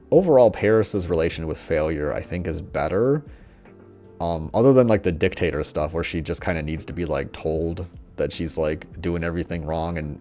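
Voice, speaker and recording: A young man giving rambling, profane, mocking commentary, often putting on quick voices of characters. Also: a bass voice, darkish tone. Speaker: commentator on a TV show. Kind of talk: casual ranting commentary.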